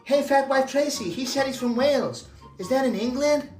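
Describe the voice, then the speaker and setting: A man's voice: extremely high pitch, normal speed, darkish tone, echoey room, soft background music. A man putting on a smug, condescending American man with a put-on American accent, drawling. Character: brash loud-mouthed American man, condescending.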